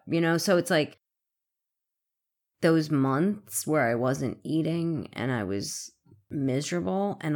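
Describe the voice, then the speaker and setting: A woman frankly telling her own story, halting and candid, with occasional swearing. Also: sits low. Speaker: interviewee in recovery. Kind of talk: emotional personal storytelling.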